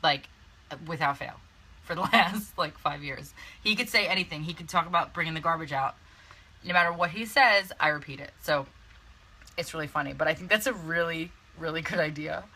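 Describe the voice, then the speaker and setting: A woman's voice: sits low, fairly quick, pushed and bright, low-quality recording. A young woman hosting a casual live video, chatty and laughing often with lots of fillers and restarts. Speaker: network marketing coach hosting a live video. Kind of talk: casual live-stream chat. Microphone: phone or webcam on a live video.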